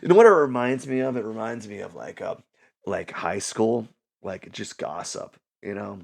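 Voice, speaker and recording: Gravelly-voiced man rambling casually. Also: on the low side, moderate pace. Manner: rambling, self-amused, lots of fillers and restarts; mocks others in silly put-on voices. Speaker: vlogger.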